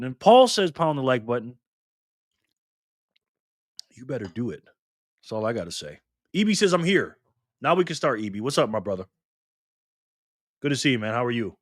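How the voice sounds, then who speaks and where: A man hosts a live stream, reading viewer comments in casual, excitable chatter while his pitch and volume swing widely. The recording is dry and studio quality.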